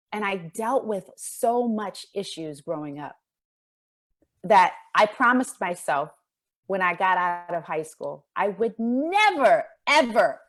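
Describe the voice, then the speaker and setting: A woman in her fifties giving a guest speech, telling a personal story earnestly and emphatically, her voice climbing high as she presses rhetorical questions. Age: 50s. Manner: voice rises high when impassioned. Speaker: guest speaker.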